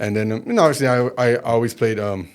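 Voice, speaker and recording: Middle-aged man, quick talker, animated storyteller, casual interview chat. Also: mid-range voice, smooth. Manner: animated storyteller, acts out quoted voices. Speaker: bass player and band manager.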